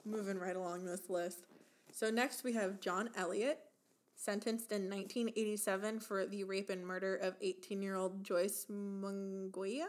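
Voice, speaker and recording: A woman's voice: medium pitch, flat delivery, measured pace. Laughing woman reading from a list. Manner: reads lists and quotes, laughs often. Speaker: podcast co-host. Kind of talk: casual podcast chat.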